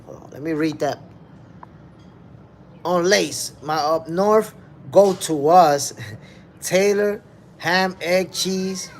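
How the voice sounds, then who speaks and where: A man hosts a casual stream, talking in a slangy, laid-back way as he reads out viewer comments. His voice sits a little high for a man. Faint noise hums behind him. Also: gravelly. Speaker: host. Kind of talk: casual live-stream chat.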